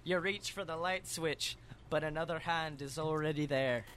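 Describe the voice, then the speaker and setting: A man's voice: a little high, normal speed, a bit bright. A man co-hosting a comedy podcast, reading short horror stories aloud and breaking into jokey asides and laughter. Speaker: podcast co-host.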